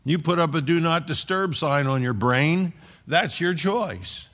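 A man's voice: a little high, expressive, a little slow, fairly bright tone. A man preaching an expository sermon in a church, emphatic with folksy asides. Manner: emphatic, folksy asides between scripture readings. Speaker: pastor. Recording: dull lo-fi recording.

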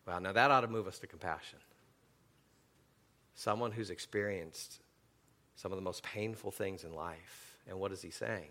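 A middle-aged man preaching a sermon, telling stories with animated swings between loud and hushed delivery. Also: low-pitched, normal speed, pauses often. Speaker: pastor.

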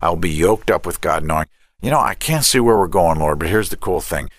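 A middle-aged man with a very low voice talks in a relaxed interview about faith and raising children. He tells stories with energy and slips into the voices of the people he quotes. The sound is close and dry, with no room echo. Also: brisk. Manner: animated storyteller who acts out quoted dialogue. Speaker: director of a family ministry and counselor.

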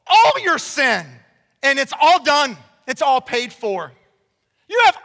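A man preaching a sermon to a congregation, emphatic and conversational, swinging between loud declarations and hushed passages. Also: very high voice, sing-song, slow. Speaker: pastor. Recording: long reverb of a large hall.

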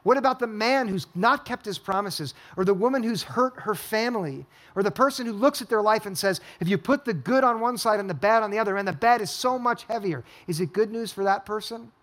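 A man with a high-pitched voice preaches in a church hall, moving between storytelling and a run of rhetorical questions. His delivery is that of a pastor addressing his congregation. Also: brisk, few pauses, fairly bright tone. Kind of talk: sermon.

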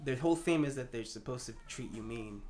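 A man's voice: medium pitch, brisk, a crowd in the background. A man co-hosting a casual podcast, telling stories animatedly and laughing often. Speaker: podcast co-host. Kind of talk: casual chat.

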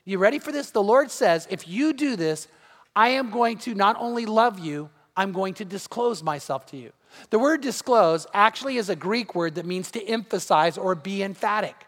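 A pastor preaching with real fervor, his voice sitting high for a man. He leans into emphatic points and throws rhetorical questions out to the congregation. The sound rings with the long reverb of a large church hall. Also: a bit bright. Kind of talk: sermon.

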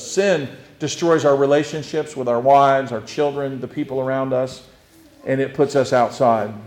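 A man preaching a sermon as pastor, earnest and restarting often, swinging between hushed and loud. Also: a little high, echoey room.

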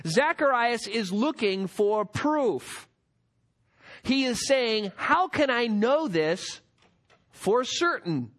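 A man's voice: sits high, a bit bright. A man preaching a sermon as pastor, emphatic and full of rhetorical questions.

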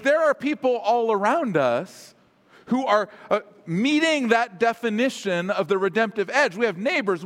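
A man's voice: very high voice, a bit bright. A man preaching a sermon as pastor, casual and self-deprecating, with humorous asides. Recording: long hall reverb.

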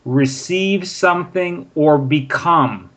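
A man's voice: fairly high pitch, takes it slowly, fairly bright tone. A man patiently explaining English grammar with example sentences in a casual spoken lesson. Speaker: English teacher. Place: in Prague.

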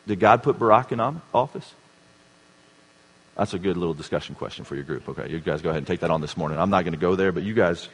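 A man preaching a sermon, dropping to a hushed tone and then building to emphatic, raised passages. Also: medium pitch. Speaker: pastor. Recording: reverberant hall.

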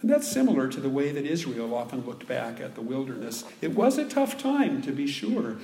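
A man preaching a sermon as pastor, speaking slowly and deliberately and leaning hard on key words. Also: medium pitch, big pitch swings, mellow. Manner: slow, deliberate preaching with dramatic emphasis. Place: church sanctuary. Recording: echoey church room, faint ambience.

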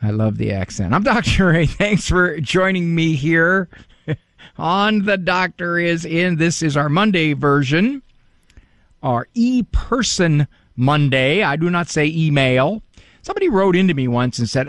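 Male radio host, wry and animated, slightly high voice, dry studio sound. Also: a little slow, dry recording. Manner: wry, joking, animated, with playful word games. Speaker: radio talk show host, psychologist. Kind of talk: casual radio monologue.

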